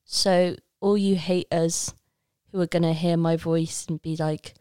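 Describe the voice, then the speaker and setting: A young woman from Leicester, England, sits in as a guest on a casual podcast. Her voice is a little lower than most women's. She rambles, jokes at her own expense and drifts between ideas, recorded close and dry with no room sound. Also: steady tone, a little slow, dark tone, smooth, no room sound. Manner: playful, rambling, self-mocking, laughs often.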